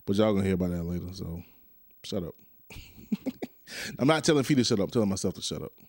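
Laid-back low-voiced man hosting a podcast. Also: lively intonation, fairly quick, darkish tone, dry recording, studio quality. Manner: loose, rambling, joking to himself and listeners. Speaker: podcast host. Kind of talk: casual solo podcast monologue.

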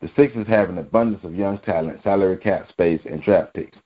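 Blunt, slangy low-voiced sports talker. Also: male voice, brisk, phone-quality sound. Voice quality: blunt, slangy, repetitive emphasis. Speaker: sports commentator. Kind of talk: casual sports talk commentary.

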